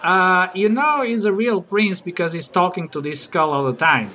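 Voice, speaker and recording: A man's voice: high-pitched, moderate pace, pushed and bright, some chatter behind. A man doing a stand-up comedy routine, chatty, teasing the audience and giggling at his own jokes.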